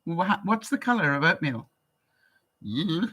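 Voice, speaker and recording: An older woman from Canada chatting casually on a live stream, answering viewer comments in a chatty, relaxed way. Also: fairly low pitch, unhurried, slightly rough, poor audio. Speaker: vlogger.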